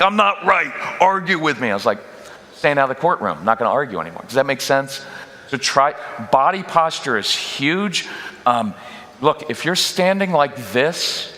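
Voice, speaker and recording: A man gives a lively parenting workshop in a church, his voice bright and forward. He talks straight to the audience and drops in quick rhetorical questions. His voice rings with a long hall reverb. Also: medium pitch. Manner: direct, conversational, quick asides to the audience. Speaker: guest speaker at a parenting workshop. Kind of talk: live workshop talk.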